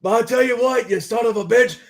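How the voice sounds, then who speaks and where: A man doing a comedic impression of a brash, trash-talking Texan wrestler who makes loud threats. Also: extremely high pitch, brisk, pitched above the performer's own voice.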